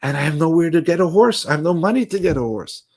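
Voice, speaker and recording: A man's voice: on the high side, lively intonation, fast, darkish tone, voice pushed up. A man voicing a poor wagon driver who pleads in anguish after losing his horse. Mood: pleading, distraught.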